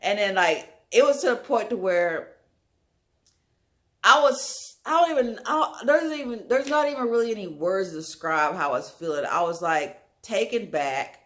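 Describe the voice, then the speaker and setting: A young woman telling a wild story in a casual storytime vlog, animated and full of filler words. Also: medium pitch, normal speed. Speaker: storyteller, channel host.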